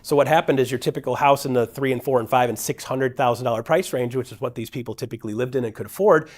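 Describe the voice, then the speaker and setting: A middle-aged man of ordinary pitch tells a long personal story to an audience. He keeps it energetic and casual, jumping into other voices whenever he quotes someone. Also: quick pace. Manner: energetic, acts out quoted dialogue with shifting voices. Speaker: guest speaker at a real estate event.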